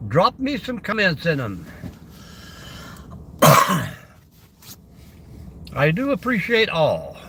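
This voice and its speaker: A man's voice: high-pitched, wildly swooping pitch, slow pace, pauses often, noisy background. A man hosting a casual livestream about camping, rambling along and greeting viewers by name. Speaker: camping channel host.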